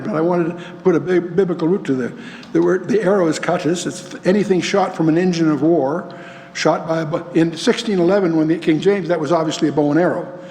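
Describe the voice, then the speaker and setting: A man's voice: a little high, a little mellow, long reverb tail. An older man giving a Bible lecture to a live audience, folksy, asking the room questions and dropping dry asides. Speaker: Bible teacher.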